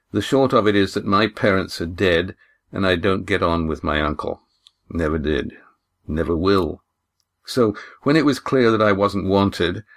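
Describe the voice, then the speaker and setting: A man's voice: sits low, fairly bright tone. Man voicing a weary, guarded young man. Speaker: audiobook reader voicing a character.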